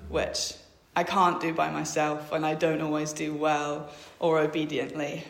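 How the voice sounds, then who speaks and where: A woman's voice: low voice, level tone, unhurried, vocal fry. A woman in her twenties gives a personal faith testimony. She speaks hesitantly with many filler sounds and reads Bible verses aloud. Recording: echoey room.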